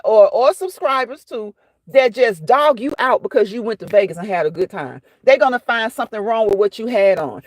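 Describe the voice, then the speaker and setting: A woman's voice: a little high, no room sound. A woman hosting a casual livestream, chatting and fussing while she answers viewers by name. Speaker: livestream host reading chat.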